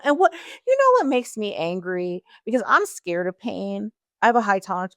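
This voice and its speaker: Chatty woman, lively low voice. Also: dry recording, studio quality. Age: 40s. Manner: chatty, talks straight to listeners, goes off on tangents. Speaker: guest sharing her story. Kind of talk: casual storytelling.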